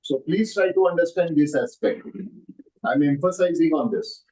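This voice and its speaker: A man's voice: on the high side, normal speed, a little mellow. A man with an Indian English accent teaching a language class online, explaining patiently, repeating words and checking that everyone understands. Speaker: Sanskrit teacher. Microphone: video call. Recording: muffled lo-fi online call audio.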